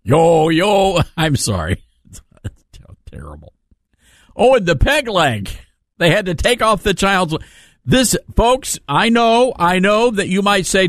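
A man hosting a talk radio show in a sarcastic, mocking monologue, with halting fillers and chuckles. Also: sits high, sing-song, fairly bright tone, faint music behind.

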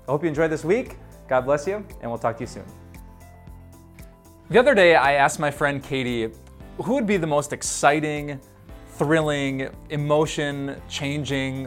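A man preaching a devotional sermon in a conversational, playful way, stacking emphatic lists and breaking into laughs. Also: a little high. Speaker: pastor.

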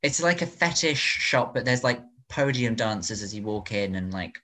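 A man's voice: mid-range voice, animated, moderate pace, sharp tone. A man co-hosting a podcast, chatting loosely with lots of "like" and jokey reactions. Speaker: podcast co-host. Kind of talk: casual chat.

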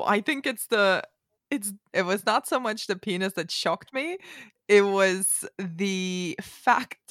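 A woman podcast host with a middle-range voice, heard close on a dry mic with no room sound. She laughs readily and steers the chat with questions. Her talk is relaxed and conversational. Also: mid-range voice, no room sound. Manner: laughs often, asks questions.

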